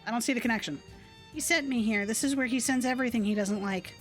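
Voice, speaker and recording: A woman's voice: on the high side, fast talker, faint music behind, lightly acted. A woman reading as a glum, listless little girl. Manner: flat, listless, mumbling.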